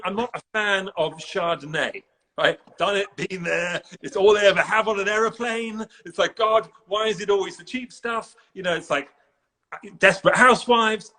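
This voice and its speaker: Bright high-voiced English man hosting. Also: normal speed. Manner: playful, teasing, laughs often. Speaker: host. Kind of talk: casual live-stream chat. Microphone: video call.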